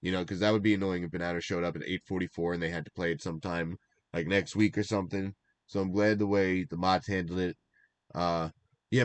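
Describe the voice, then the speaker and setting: A man's voice: fairly low pitch, no room sound. Young man rambling on a stream. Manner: rambling and animated, laughs at himself. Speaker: draft league recap co-host. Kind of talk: casual stream chat.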